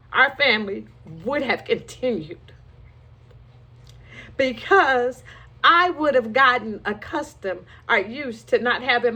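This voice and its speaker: Woman w a high bright voice, opening up about her past, raw and candid. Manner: emotional, frank storytelling with rueful laughs. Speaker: storyteller sharing her life. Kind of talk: candid personal testimony.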